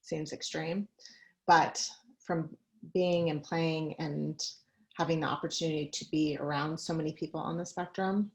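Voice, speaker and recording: A woman's voice: low voice, fairly even intonation, normal speed, a little mellow, low-quality recording. A woman giving a conversational talk on a video call, mixing personal stories with practical advice and light laughs. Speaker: guest speaker.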